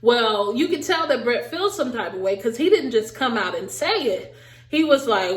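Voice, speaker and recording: A woman giving a casual, animated recap of a reality show, talking straight to her viewers with a sassy edge. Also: a little high, moderate pace, echoey room. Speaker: recap vlogger.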